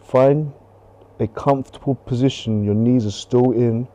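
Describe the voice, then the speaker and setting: A man leading a qigong class, calmly coaching breathing and movement with gentle repetition, on a close mic while he moves. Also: medium pitch, measured pace. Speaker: qigong instructor. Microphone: close clip-on mic while moving.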